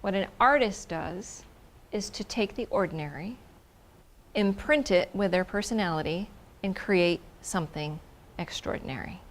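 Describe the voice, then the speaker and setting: A woman tells a personal story in an effusive, expressive way. Her voice sits at a middle pitch, and she stacks words for emphasis and sometimes sinks into a whisper. A faint hiss runs underneath. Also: normal speed. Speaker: speaker telling a personal story.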